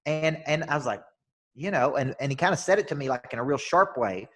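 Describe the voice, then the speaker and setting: A man's voice: fairly high pitch, animated, fairly quick, fairly bright tone. A man from the United States, a business coach talking as a podcast guest, tells stories emphatically and often repeats his first words as he starts a sentence. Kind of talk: energetic storytelling in a podcast interview.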